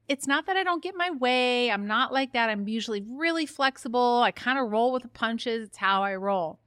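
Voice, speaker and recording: A woman's voice: fairly high pitch, a bit bright, dry recording, clean studio sound. A woman hosting her own podcast, talking openly and chattily, poking fun at herself and getting fired up. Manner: open, chatty and self-mocking, fires up quickly. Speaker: podcast host. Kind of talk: candid solo podcast monologue.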